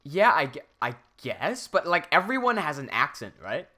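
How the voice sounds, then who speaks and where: A man's voice: fairly high pitch, sing-song, normal speed, pushed and bright. A young man from Hong Kong with an American English accent, chatting casually on a livestream while reading out viewer comments. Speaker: streamer.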